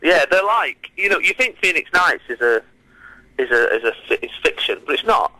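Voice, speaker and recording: A man, a comedian guest chatting on a radio interview, telling stories in a quick, self-mocking way. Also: fairly high pitch, sing-song, sharp tone, no echo, low-quality recording. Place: radio studio.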